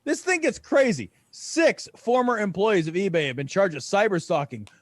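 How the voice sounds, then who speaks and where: A man's voice: sits high, expressive, normal speed, no echo. A man co-hosting a comedy podcast, telling rambling stories in casual chat and breaking into laughter. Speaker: podcast co-host.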